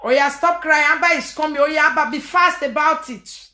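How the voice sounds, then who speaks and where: A woman's voice: sits high, a little fast, sharp tone, echoey room. A woman filming a casual home vlog, coaxing a crying child and laughing often. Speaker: vlogger filming her family.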